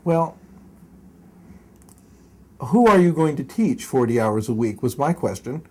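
An older man, an interview guest, recounts memories at length in a long storytelling session. His medium-pitched voice is husky and mellow with a soft, breathy edge, sing-song and a little slow. He rambles, corrects himself mid-sentence, and chuckles as he tells his stories.

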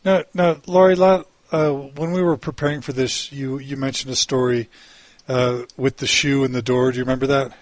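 A man interviewing a guest, asking questions haltingly, with many restarts and fillers. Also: mid-range voice, steady tone, dry recording. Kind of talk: casual interview.

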